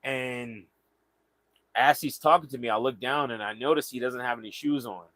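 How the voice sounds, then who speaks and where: Guy, young, loose halting storyteller, dry close sound, mid-pitched. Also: fairly bright tone, no echo. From Southern United States. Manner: rambling, halting with repeated words. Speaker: vlogger. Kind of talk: casual storytelling.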